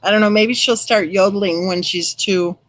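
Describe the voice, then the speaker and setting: A middle-aged woman who hosts a true crime channel reads her live chat aloud, warmly answering viewers by name in a chatty, casual live-stream style. Her voice is medium-pitched with fairly even intonation and a normal pace. The recording is dry and of poor quality.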